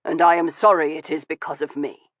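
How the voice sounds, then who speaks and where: A man voicing a wounded, weary Victorian gentleman who speaks in a low, measured and bitter way in an audiobook. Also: flat delivery, dry recording, lightly acted. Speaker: audiobook voice of a male character. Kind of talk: audiobook dialogue reading. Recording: dull, dry studio audio.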